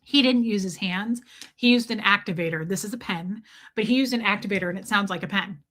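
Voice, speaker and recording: Bright-voiced woman telling a candid story. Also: mid-range voice, a little fast. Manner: candid, profane, chatty, answers viewer comments. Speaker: livestream host. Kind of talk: casual storytelling livestream.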